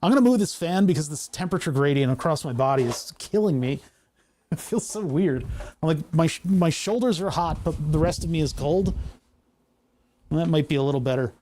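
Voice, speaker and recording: Rambling, joking man, slightly high voice. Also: expressive, fairly quick, a little mellow, a little hiss or hum. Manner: rambling, jokey, thinks aloud through technical steps. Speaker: live streamer building electronics. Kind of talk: casual live-stream chat while working.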